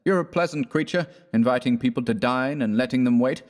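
A man's voice: mid-range voice, brisk, voice pushed up, natural voice. A man doing a hearty, teasing young artist. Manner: bantering, raised and lively.

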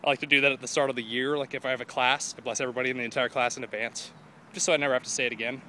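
This young vlogger talks rapid-fire to a phone held at arm's length as he walks outdoors through a neighborhood, rambling, joking, and mimicking voices in quotes. His mid-range voice is level and sharp-toned, with a little hiss or hum on the recording.

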